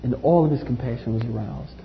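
A man preaching a sermon with passion, swinging from loud outbursts to hushed tones. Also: medium pitch, fast talker, a little hiss or hum. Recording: dull, hall-like recording.

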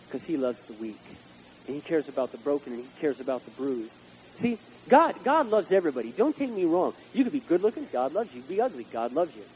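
A male pastor preaching a sermon, swinging between loud outbursts and hushed asides. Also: medium pitch, highs cut off, a little hiss or hum.

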